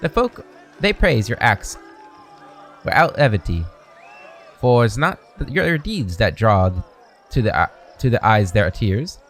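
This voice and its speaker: A man's voice: fairly low pitch, sing-song, unhurried, long pauses, a bit bright, heavily acted. A man voicing a timid male court jester who pleads in stumbling old-style verse. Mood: pleading.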